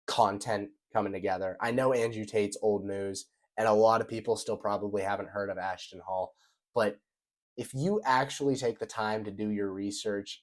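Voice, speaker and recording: Young male vlogger, lowish voice, rambling, casual commentary. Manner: rambling, repeats himself, swears casually.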